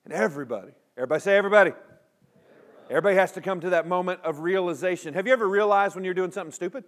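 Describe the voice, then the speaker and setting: A man's voice: sits high, rapid-fire. A man preaching a sermon to a live congregation, leading call-and-response and dropping humorous asides. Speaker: pastor.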